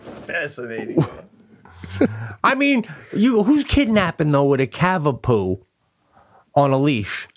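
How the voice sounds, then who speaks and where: A man's voice: fairly high pitch, sing-song, slow pace, pauses often, no room sound. A man co-hosting a casual comedy podcast, laughing often in easygoing banter. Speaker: podcast co-host.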